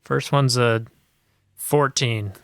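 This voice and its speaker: A man's voice: medium pitch, fairly even intonation, slow, creaky, a bit bright, dry recording, studio quality. A man playing a tabletop game, laid-back and joking with his group. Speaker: player. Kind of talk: casual game chat.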